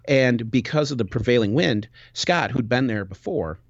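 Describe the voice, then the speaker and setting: A man recounts a trip in loose, rambling podcast chat, circling back and restarting his thoughts. The recording is dry and lacks sparkle, with a middle-pitched voice. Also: normal speed, no echo, lo-fi sound. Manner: animated, rambling with many restarts. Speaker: podcast host. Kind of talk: casual storytelling chat.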